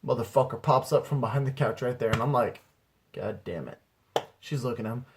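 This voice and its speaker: Husky rambling young man telling a story. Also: mid-range voice, fairly even intonation, quick pace. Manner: rambling, profane, laid-back. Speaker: aspiring comedian vlogger. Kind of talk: casual anecdote storytelling.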